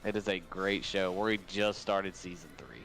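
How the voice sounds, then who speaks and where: A man's voice: deep voice, steady tone, moderate pace, fairly bright tone. A man co-hosting a trivia stream on a wired headset, laid-back and joking, often laughing. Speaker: trivia night co-host. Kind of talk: casual livestream banter.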